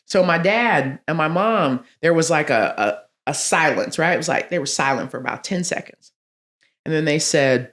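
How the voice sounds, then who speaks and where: A woman in her forties with a lilt, recounting stories as a podcast guest. She talks expressively, leaping up in pitch as she acts out what others said, and laughs often along the way. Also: lively intonation, moderate pace. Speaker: guest, athletics director. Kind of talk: animated storytelling in conversation.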